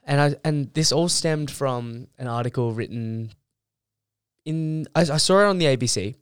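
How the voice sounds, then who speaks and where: A man's voice: mid-range voice, normal speed, clean tone, dry recording, studio quality. A young man, a university student, ranting bluntly and heatedly in a casual monologue, swearing freely. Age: young adult.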